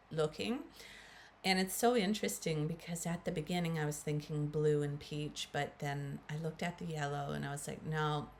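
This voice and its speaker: There's slight background noise behind this low-voiced woman in her fifties. With a Canadian accent, she walks viewers through a makeup tutorial in a chatty way, calling them guys and using plenty of fillers.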